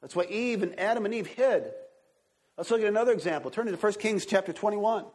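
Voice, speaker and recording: A preacher man delivering a sermon with lots of energy, his voice sitting fairly high for a man. The tone is husky and a little rough, and he keeps breaking off to check in with the congregation. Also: a little fast. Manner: excited, animated preaching with congregation asides. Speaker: pastor.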